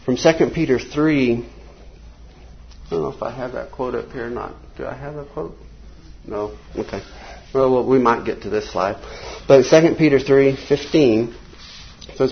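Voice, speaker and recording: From slides, a man leads an informal Bible class, wandering between points and reading quotes in a slow, emphatic way. His pitch is medium with some vocal fry, captured on a dull lo-fi recording.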